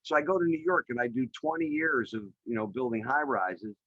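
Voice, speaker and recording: A middle-aged man, a podcast guest, telling his career story in an energetic, chatty way with many fillers over a video call. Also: medium pitch, fairly quick, dry recording, dull audio. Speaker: podcast guest, real estate developer. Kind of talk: animated storytelling in an interview. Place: remote call.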